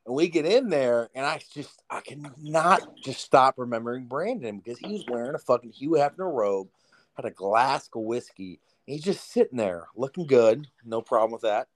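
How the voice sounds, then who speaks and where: A young man tells a party story on a casual podcast, with plenty of swearing. His voice sits at a middle pitch, and he keeps up an animated, rambling delivery. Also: moderate pace. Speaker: podcast co-host. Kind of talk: casual storytelling over beers.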